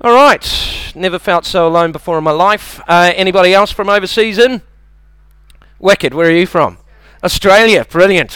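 A man's voice: high voice, expressive, moderate pace, a bit bright, clear, resonant tone, no echo. A man with a New Zealand accent doing a stand-up comedy set, chatty and self-mocking, slipping into silly impressions.

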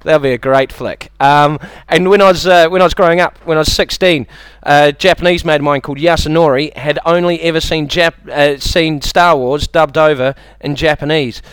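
A man's voice: on the high side, steady tone, normal speed, a bit bright, smooth, dry recording. A man with a New Zealand accent doing a stand-up comedy set, chatty and self-mocking, slipping into silly impressions.

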